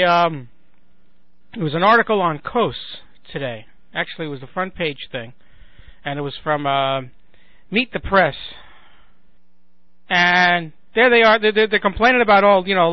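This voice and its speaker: A man with a fairly high voice rants in an indignant, sarcastic monologue, circling back and repeating himself as he builds his point. The sound is dry and squeezed into a thin, telephone-like band, like talk radio. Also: no room sound. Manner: sarcastic, indignant, repeats words while thinking. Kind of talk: political commentary monologue.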